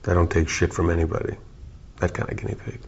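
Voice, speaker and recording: A musician in his forties, low-voiced and husky with vocal fry, speaks fast in a steady tone. He gives goofy, rambling interview answers, joking and cutting himself off as he wanders. The recording sounds dull and lo-fi.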